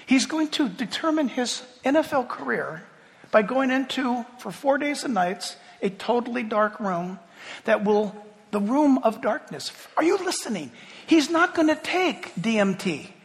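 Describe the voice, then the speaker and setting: A man preaching a sermon with animated delivery, swinging from hushed asides to loud exclamations. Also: very high-pitched, a little slow, creaky. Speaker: pastor. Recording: reverberant hall.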